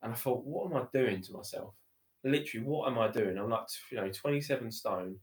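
A man's voice: mid-range voice, fairly quick. A man, a podcast guest telling his story in a chatty, rambling way with many fillers. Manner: chatty, repeats himself, many fillers like "you know" and "literally". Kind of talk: casual conversational storytelling. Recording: roomy echo.

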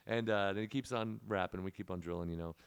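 A deep-voiced man spins a rambling story over a podcast mic. His low voice has a gravelly fry, and he talks quickly and loosely, with filler words everywhere. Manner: rambling, laid-back storyteller with lots of fillers. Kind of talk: casual storytelling chat.

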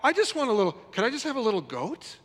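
A man's voice: extremely high pitch, huge pitch swings, quick pace, fairly bright tone, big-room sound, voice pushed up, heavily acted. A man putting on the voice of a resentful, self-pitying older brother, whining and indignant. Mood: whiny. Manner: whiny, indignant pleading.

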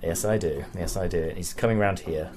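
A man's voice: deep voice, moderate pace. A man narrating as game master, hesitant and full of restarts. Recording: noisy home recording.

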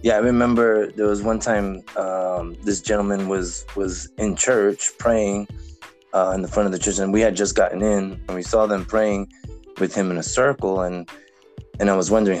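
A Cuban American man with a fairly low voice tells loose, rambling stories as a podcast guest. He piles on "you know"s, restarts his sentences and chuckles often. Soft music plays faintly behind him. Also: steady tone, normal speed. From United States, Cuban American. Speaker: podcast guest, language learner. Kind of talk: casual conversational storytelling.

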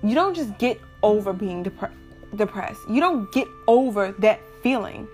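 A young woman vlogger speaks candidly and directly to her viewers in a casual talk to camera, her voice medium-pitched, expressive and darkish, her pace unhurried. Faint music plays behind her, and hiccups interrupt her now and then.

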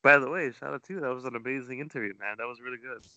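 A man's voice: medium pitch, very fast, pushed and bright, highs cut off. An American man co-hosting a podcast, chatting casually and with encouraging enthusiasm. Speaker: podcast co-host.

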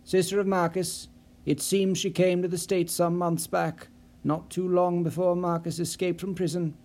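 A man's voice: high-pitched, level tone, normal speed, a little mellow. A man voicing a stern male investigator in an audiobook, speaking in a clipped, cold, authoritative way. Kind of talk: audiobook character voice.

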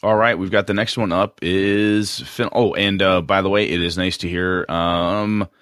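A man's voice: low-pitched, steady tone, a little slow, fairly bright tone, no echo, studio quality. A man co-hosting a casual podcast, chatty and rambling, often restarting his sentences. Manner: rambling, chatty, self-interrupting. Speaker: podcast co-host.

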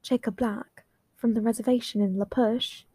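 A woman voicing a blunt, nosy teenage girl who fires off brisk questions. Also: on the high side, fairly even intonation, dark tone, slightly rough, dry recording. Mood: prodding.

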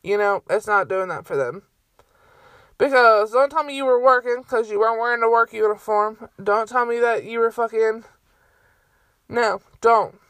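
A woman's voice: fairly high pitch, normal speed, a bit bright, no echo. A young adult woman hosting her own podcast, ranting in a heated, profane and exasperated way from a bedroom at home. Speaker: solo podcast host. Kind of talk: casual ranting monologue.

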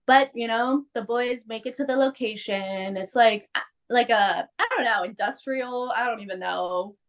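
Animated woman recapping a show. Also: a little high, normal speed. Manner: animated, acts out quotes, laughs often. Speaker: podcast host. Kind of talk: casual episode recap.

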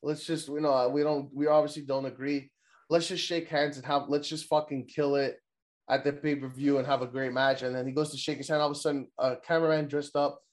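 Rambling, excitable young man recapping wrestling. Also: a little high, fairly quick. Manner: rambling, profane, laughs often, mimics wrestlers. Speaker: podcast co-host. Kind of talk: casual wrestling recap chat.

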